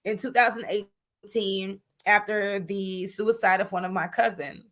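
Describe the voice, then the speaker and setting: A woman guest in an interview, telling her business story in a lively, chatty way, calling people "honey" and using many fillers. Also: mid-range voice, a little slow. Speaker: guest entrepreneur. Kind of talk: animated interview talk.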